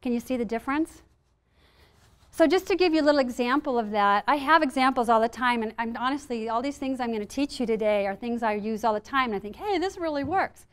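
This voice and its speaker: A middle-aged woman speaks to a live audience about stress, her voice set a little high. She talks with animated energy and slips into acted-out panicked and calm inner voices to make her points. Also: quick pace, clean tone. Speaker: speaker at a wellness talk.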